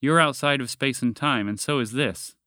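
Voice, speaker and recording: A man voicing a grave, ancient male blue dragon who speaks in a solemn, measured way. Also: mid-range voice, pushed and bright, no room sound, studio quality, natural voice.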